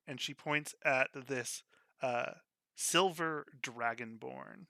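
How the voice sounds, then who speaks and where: A man narrating and running a tabletop role-playing game in a relaxed, easygoing manner. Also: medium pitch, slow, vocal fry, dry recording, clean studio sound. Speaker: game master.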